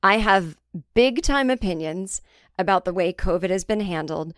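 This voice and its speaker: A woman's voice: medium pitch, expressive, normal speed, dry recording, clean studio sound. A woman comedian hosting her own podcast, talking in a candid, rambling and sometimes profane casual monologue. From United States.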